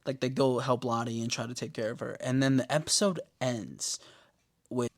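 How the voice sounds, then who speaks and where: A man casually recapping a TV episode, animated and profane, briefly mimicking the characters' lines. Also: medium pitch. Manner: animated, profane, acts out characters' lines in quick put-on voices. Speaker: podcast host recapping a TV show.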